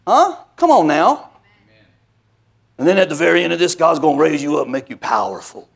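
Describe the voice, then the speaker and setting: A man's voice: on the high side, very animated, brisk, creaky. A male pastor preaching a sermon, speaking to his congregation and calling for responses. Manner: preaching with call-and-response asides.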